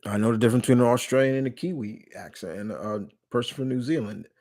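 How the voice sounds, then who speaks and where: Hosting a live stream Q&A, a man answers viewer questions in a casual, rambling way, frequently restarting or correcting himself mid-sentence. His mid-range voice is fast and a little mellow.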